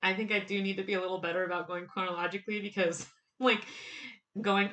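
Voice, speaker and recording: A woman giving casual, excited fan commentary on a TV show, laughing often and quoting lines in quick bursts. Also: mid-range voice.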